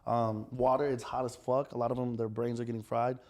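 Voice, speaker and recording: A young man, telling stories in casual podcast chat, animated and profane. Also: medium pitch, fairly quick. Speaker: podcast guest, restaurant owner.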